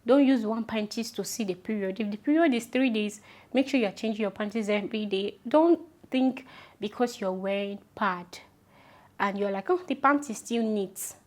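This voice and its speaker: A woman's voice: medium pitch, normal speed, mellow. A young woman with a Nigerian accent giving casual, emphatic advice to her viewers, often repeating her points and calling them "my love". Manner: chatty, affectionate, repeats instructions emphatically. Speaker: vlogger. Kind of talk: casual advice talk to camera.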